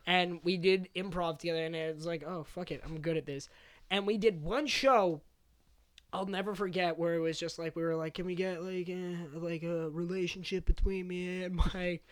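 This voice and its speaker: A young comedian with a high voice tells a story in loose, casual chat. He is animated and swears freely, and he laughs his way through the funny parts. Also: normal speed, clean tone.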